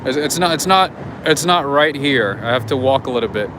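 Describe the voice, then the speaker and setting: A man's voice: medium pitch, lively intonation, a little fast. A man hosting a casual livestream outdoors on a city street, chatting with viewers and greeting them by name. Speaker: livestream host. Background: street traffic.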